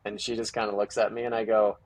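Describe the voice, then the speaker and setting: A man telling stories casually in an interview, lively and acting out quoted dialogue with lots of "like" fillers. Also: lowish voice, fast, no echo. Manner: animated, acts out quoted dialogue with many "like" fillers. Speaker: guest, parent of a young ninja athlete. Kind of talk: casual storytelling conversation.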